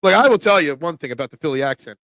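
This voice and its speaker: A man's voice: a little high, lively intonation, very fast, a bit bright, no echo. A man from Philadelphia with a Philly accent, hosting a casual sports talk stream, joking with viewers and dropping lots of ums. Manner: chatty, joking with chat, frequent ums. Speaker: sports talk show host.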